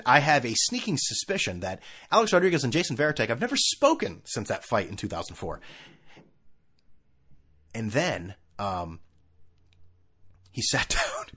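A middle-aged man hosting a casual sports rant, animated and laughing, often mimicking people in funny voices. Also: lowish voice.

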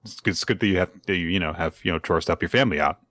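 A man's voice: low-pitched, very fast, fairly bright tone. A man co-hosting a podcast, chatting casually as he recaps manga chapters, with frequent restarts and laughs. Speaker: podcast co-host.

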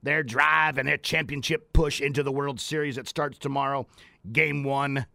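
A man's voice: mid-range voice, fairly even intonation, moderate pace, vocal fry, sharp tone, no room sound, clean studio sound. A man hosting a talk radio hour on business leadership, talking energetically and repeating phrases for emphasis. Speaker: radio show host and leadership coach.

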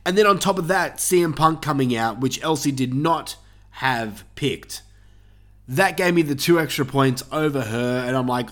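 A man's voice: medium pitch, normal speed, a bit bright. A man hosting a casual podcast, gloating and bragging in a swaggering wrestling-promo manner, with swearing. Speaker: podcast host.

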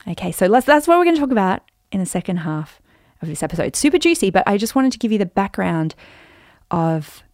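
A woman in her forties hosting a podcast, telling a personal story in an animated, chatty way with lots of fillers. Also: medium pitch, brisk, no room sound, clean studio sound. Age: 40s. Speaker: podcast host.

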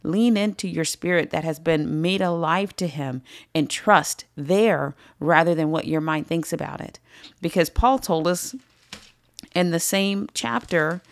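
A woman's voice: low-pitched, a little slow, dry recording. A woman leading a Bible study, teaching emphatically and repeating phrases for stress.

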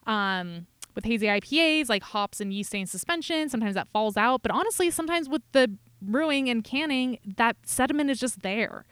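A young woman with a slightly high voice tells a story on a casual podcast, acting out every caller with gusto. The sound is dry and close, with no room around her. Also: expressive, brisk, hardly any pauses, fairly bright tone, smooth, no room sound. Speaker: podcast co-host; bartender at a brewery taproom. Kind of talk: casual chat.

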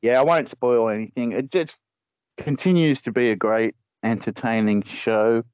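A man's voice: mid-range voice, moderate pace, a little mellow, smooth, no room sound, muffled recording. A man chatting casually on a podcast, rambling through stories and laughing at his own jokes. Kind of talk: casual chat.

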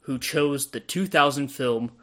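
A man hosts a casual movie podcast and runs the intro at a brisk clip. His voice sits at a middle pitch, and he moves the show along. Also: a bit bright. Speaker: podcast host.

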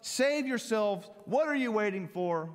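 A man's voice: high-pitched, animated, a little slow, pitched above the performer's own voice. A man voicing a mocking male criminal on a cross, with a taunting, pleading delivery. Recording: long hall reverb.

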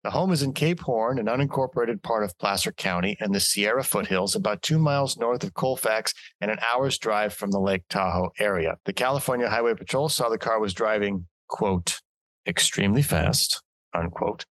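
A man's voice: lowish voice, moderate pace, a bit bright, no echo. Dry-sounding man reading news casually. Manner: reads articles aloud with jokey asides, swears casually. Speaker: podcast co-host reading news.

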